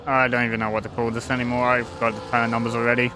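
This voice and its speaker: A man's voice: mid-range voice, monotone, very fast. A young man giving casual live commentary on an online sim racing league, rambling and restarting sentences. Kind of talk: live esports race commentary.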